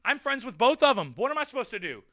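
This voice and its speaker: A man with a high, very bright voice spins a rambling personal story. He repeats himself constantly and swears freely in a casual tone. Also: sing-song, fast talker. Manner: rambling, repetitive and profane. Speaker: vlog host.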